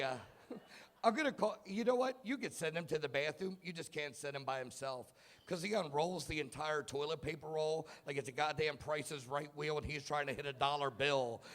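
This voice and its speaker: A man in his thirties doing a stand-up comedy set in a club, telling self-mocking stories about his kids and bursting into shouted punchlines. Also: on the high side. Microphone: handheld stage mic.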